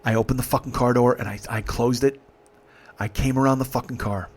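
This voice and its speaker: A man's voice: medium pitch, steady tone, a little fast, breathy edge. A man in his forties telling a true story in a comedic podcast monologue, profane, intense and confessional. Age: 40s.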